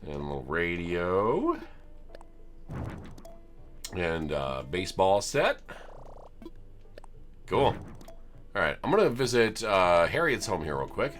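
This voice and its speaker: Man, gameplay streamer, low voice, very animated pitch, amused chatty delivery. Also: slow, pauses often, soft background music. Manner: chatty, amused, chuckles often. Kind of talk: casual gameplay commentary.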